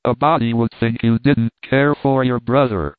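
A man's voice: mid-range voice, steady tone, moderate pace, smooth, no room sound, natural voice. A man putting on a bossy scolding old aunt. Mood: chiding. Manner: chiding, loud, commanding. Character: scolding fussy older aunt, motherly and bossy. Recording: tinny phone-like line, dry.

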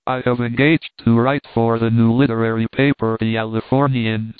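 Man, measured narration, dry, tinny phone-like sound. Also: mid-range voice, clean tone, dry recording. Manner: steady measured reading. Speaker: reader. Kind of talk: scripted narration of old letters.

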